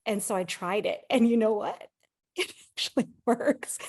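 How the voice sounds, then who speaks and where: A woman guest in a video-call conversation, an enthusiastic and animated storyteller. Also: medium pitch, normal speed. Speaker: guest conflict practitioner.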